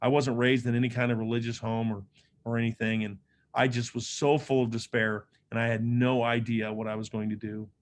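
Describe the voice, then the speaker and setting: A man's voice: medium pitch, flat delivery, brisk, slight background noise. A middle-aged man giving a motivational speech, telling his own story in an earnest, conversational way, with frequent fillers and restarts. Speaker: motivational speaker.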